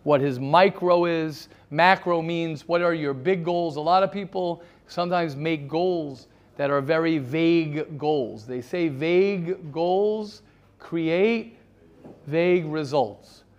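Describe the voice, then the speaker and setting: A man leading a study class in a fairly high voice. He restarts his sentences often and drops Hebrew terms into his English as he lectures and takes questions. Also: takes it slowly, highs cut off. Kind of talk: interactive lecture.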